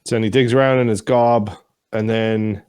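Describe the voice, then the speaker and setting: A man's voice: fairly low pitch, fairly even intonation, moderate pace, darkish tone, smooth, no room sound, clean studio sound. A man co-hosting a casual show recap, retelling scenes with mocking voices and casual swearing. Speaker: podcast co-host.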